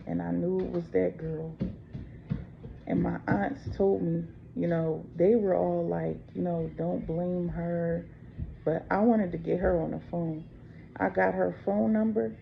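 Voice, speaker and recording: A woman from the United States speaks slowly with a gravelly, creaky edge, telling her own story straight to camera. Her telling is unscripted and full of fillers. The recording is dull and lo-fi, with a faint hiss behind her. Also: on the low side, steady tone. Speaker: channel host. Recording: dull lo-fi with faint background noise.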